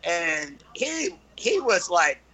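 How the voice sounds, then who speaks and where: Male guest storyteller, high and very lively pitch, deliberate pace, full of ums and restarts. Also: poor audio. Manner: halting, many fillers and restarts, animated when telling stories. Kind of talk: storytelling in casual chat.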